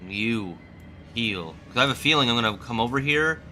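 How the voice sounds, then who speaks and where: A man's voice: medium pitch, lively intonation, moderate pace, bright, forceful tone, a little hiss or hum. A young adult man streaming a game with casual commentary, loose, joking and profane. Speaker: gaming streamer.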